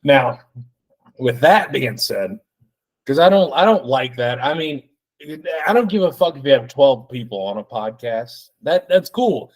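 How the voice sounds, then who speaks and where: A man in his thirties hosting a solo podcast, rambling and excitable with plenty of swearing. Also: medium pitch, measured pace. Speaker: podcast host.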